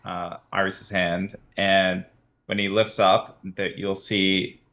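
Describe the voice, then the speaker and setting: A man playing a tabletop game, describing his character's moves in a relaxed way. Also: low voice, takes it slowly. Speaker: player. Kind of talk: casual tabletop play.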